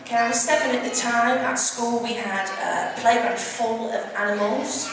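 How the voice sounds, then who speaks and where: Chatty woman joking with a crowd, fairly high voice, distant mic in a boomy hall. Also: steady tone, normal speed, a bit bright. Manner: bubbly, self-mocking, gets the crowd involved. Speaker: chorus leader and saxophonist. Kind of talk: comic self-introduction to an audience. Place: large indoor hall. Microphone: camcorder far from the stage. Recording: echoey hall from far off, with crowd and noise. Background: audience chatter and room noise.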